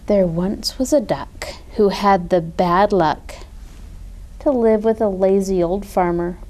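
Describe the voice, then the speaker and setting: A woman reads a children's picture book aloud, taking her time over each line. Her voice is mellow and soft-edged, and her telling is gentle and expressive. She speaks as a children's librarian sharing a favorite story. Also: medium pitch, slow.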